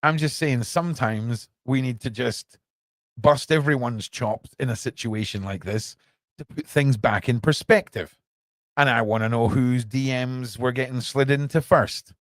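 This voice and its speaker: An animated British man hosts a casual news podcast from a small room under his stairs. He rambles and keeps asking listeners if they agree, in a mid-pitched voice. The sound is close and dry. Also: unhurried, no room sound. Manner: animated and rambling, full of rhetorical questions. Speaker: podcast host.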